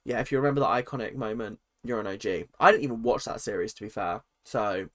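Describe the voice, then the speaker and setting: A man's voice: fairly low pitch, fast. Chatty young man ranting. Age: 20s. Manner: chatty, opinionated, lively asides. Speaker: vlogger. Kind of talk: casual rant vlog.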